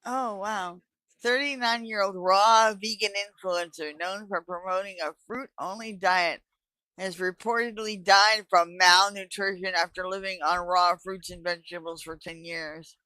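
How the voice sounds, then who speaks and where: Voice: medium pitch, fairly even intonation, unhurried, pushed and bright, rough recording. A co-host on a talk stream, chatting casually and dropping dry, sarcastic remarks. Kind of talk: casual chat.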